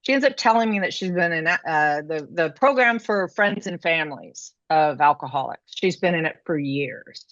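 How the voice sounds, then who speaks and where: Woman guest, low-ish voice, rambling chatty storyteller, muffled dry remote sound. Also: lively intonation, normal speed, few pauses, a bit bright, no room sound. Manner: chatty, many "you know" and "like" fillers, laughs mid-story. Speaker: podcast guest. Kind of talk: casual storytelling interview.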